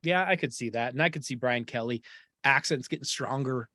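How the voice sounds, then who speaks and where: A man hosting a sports talk show, talking in an animated, opinionated and jokey way. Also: mid-range voice, brisk, no room sound. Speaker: podcast host.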